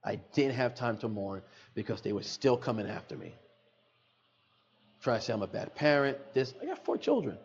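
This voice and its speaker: A man's voice: medium pitch, sing-song, moderate pace, vocal fry, slight background noise. Middle-aged man, earnest, repeats himself for emphasis, podcast guest, slightly dull sound. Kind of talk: emotional personal storytelling. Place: podcast studio.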